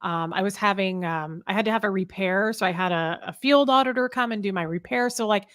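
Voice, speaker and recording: A woman's voice: medium pitch, brisk, fairly bright tone. A woman talking casually as a guest in an interview, emotional and rambling, with lots of "like" and "um".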